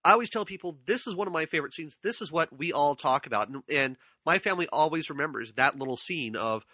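A man with a fairly high, bright and forceful voice recounts a family story in easy conversation. He gets animated and laughs often, and he stumbles over repeated words when he is excited. His voice is close and dry, with no room sound around it. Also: fast talker, dry recording. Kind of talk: casual chat.

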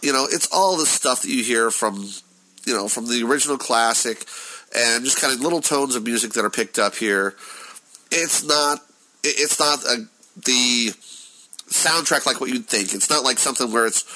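A man's voice: medium pitch, moderate pace, bright, forceful tone, rough recording. A man chatting casually and enthusiastically as a podcast co-host, reviewing a series with lots of restarts. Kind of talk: casual show review chat.

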